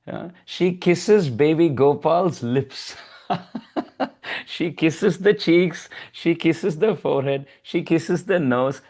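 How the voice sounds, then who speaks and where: A man giving a devotional storytelling lecture, chanting verses and acting out characters' lines. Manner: animated, acts out mothers' voices in high tones, chants verses. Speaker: preacher.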